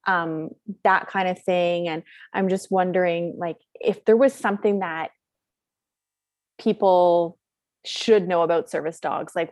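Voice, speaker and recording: A woman's voice: fairly low pitch, a little mellow, dry recording. A woman host asking careful, hesitant questions with fillers in a casual interview.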